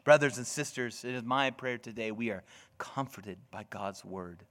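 A man preaching a sermon as pastor, swinging deliberately between loud emphasis and hushed, whispered lines. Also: medium pitch.

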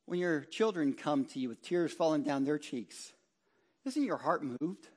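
A high-pitched middle-aged man preaches a fervent sermon. His voice drops to a near hush on solemn phrases and swells into loud, ringing exhortation when he stresses the hope he preaches. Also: animated, measured pace. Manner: impassioned, swinging from hushed low tones to loud exhortation. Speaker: ruling elder preaching.

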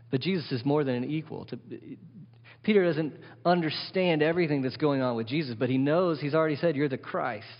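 A man preaching a sermon as pastor, emphatic, often asking the congregation questions. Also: mid-range voice. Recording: dull sound with long hall reverb.

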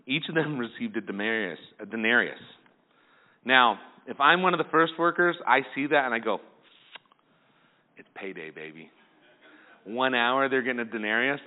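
A male pastor preaching a sermon, lively and acting out the people in the story. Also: medium pitch, moderate pace. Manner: animated, acts out the people in the story. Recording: tinny phone-like sound.

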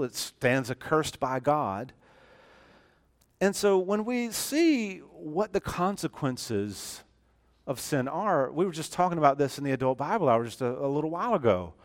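A man preaching a sermon as a church pastor, emphatic and swinging from loud to hushed. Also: a little high. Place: church sanctuary.

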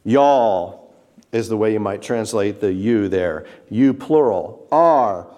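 A man's voice: lowish voice, animated, slow. A man preaching a sermon, emphatic and direct, asking the congregation rhetorical questions. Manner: emphatic preaching, building to loud repeated stresses. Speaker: pastor.

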